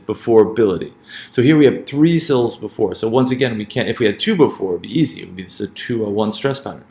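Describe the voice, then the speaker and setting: A man's voice: fairly low pitch, gravelly, reverberant. A man teaching a lesson on word stress, hesitant, often repeating words and checking in with "right?".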